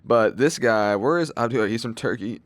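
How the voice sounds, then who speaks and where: A man's voice: medium pitch, moderate pace, no room sound. A young man giving casual, rambling fight predictions, loose and slangy, with lots of fillers and swearing. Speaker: MMA fight predictions channel host.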